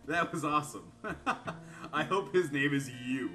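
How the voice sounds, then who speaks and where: Animated young-sounding man with a sharp tone. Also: on the high side, a little slow, soft background music. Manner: laughs often, reads answers aloud in animated voices. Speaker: gaming YouTuber. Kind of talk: let's-play commentary.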